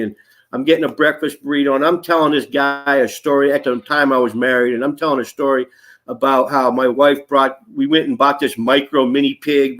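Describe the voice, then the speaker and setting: Fifties male actor guest, animated raconteur, quotes in voices, salty language. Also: on the high side. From Nashville area. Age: 50s. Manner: animated storyteller, acts out quotes, swears freely. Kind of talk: casual storytelling interview.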